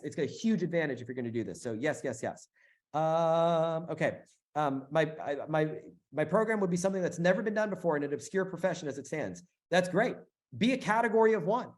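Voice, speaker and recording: A middle-aged man runs a live sales webinar, pushing his offer with emphatic repetition. His voice sits fairly high for a man, and his delivery is peppered with fillers and quick restarts. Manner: energetic, emphatic, repeats phrases, many fillers. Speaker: webinar host selling a business bootcamp.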